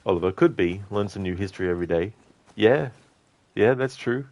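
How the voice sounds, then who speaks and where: A man's voice: fairly low pitch, brisk, no room sound. A man with an Australian accent chatting casually as a gaming streamer, reading chat with frequent fillers. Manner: chatty and relaxed, with frequent "you know" fillers.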